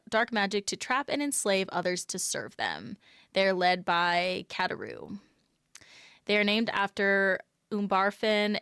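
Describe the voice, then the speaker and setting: Woman streamer, casual lore tour, chatty, smooth crisp voice, dry close sound. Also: medium pitch, a bit bright, dry recording. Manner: chatty, self-deprecating, laughs at own mispronunciations. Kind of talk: casual live-stream narration.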